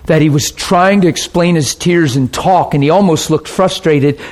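A man preaching a sermon through an animated story, at times dropping into hushed tones. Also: fairly high pitch, normal speed.

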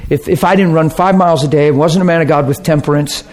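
Man, preacher, storytelling sermon, fairly high voice, animated, drops to hushed tones. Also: fast.

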